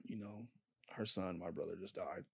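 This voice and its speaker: Brief: young man, lowish voice, dry close sound, rambling casual storytelling, swears a lot. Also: creaky, breathy edge, no room sound. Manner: halting, with frequent fillers and swearing. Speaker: podcast guest.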